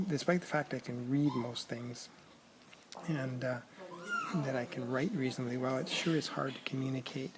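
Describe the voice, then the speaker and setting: A man recording a casual video diary in a busy public place, talking haltingly with many ums and clearing his throat, his voice cracking a little. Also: mid-range voice, low-quality recording. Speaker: vlogger learning a language abroad. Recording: crowd noise behind.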